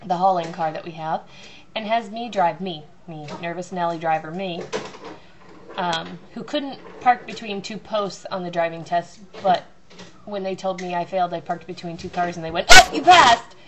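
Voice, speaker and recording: A woman's voice: lowish voice, normal speed, noisy background. A woman telling a long, rambling, self-mocking story about her family at home. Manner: chatty, self-mocking, acts out loud voices.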